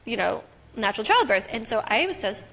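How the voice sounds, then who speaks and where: A woman's voice: fairly high pitch, very animated, quick pace, creaky, a bit bright. A young woman candidly telling a personal story as a podcast guest, with frequent fillers and heartfelt asides. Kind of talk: personal story in casual interview.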